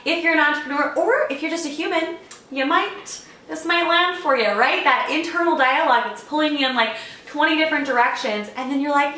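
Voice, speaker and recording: Chatty high-voiced woman vlogger. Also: fairly quick, sharp tone, roomy sound, slight background noise. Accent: playful put-on accent early on. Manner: chatty and upbeat, addressing viewers as friends. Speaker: vlogger and purpose coach. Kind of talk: casual video blog talk to camera.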